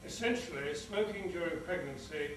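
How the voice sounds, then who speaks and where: Older man, slightly higher voice, earnest and emphatic, distant echoey hall sound. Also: moderate pace. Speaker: award recipient. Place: large conference hall. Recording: echoey hall from far off, noisy.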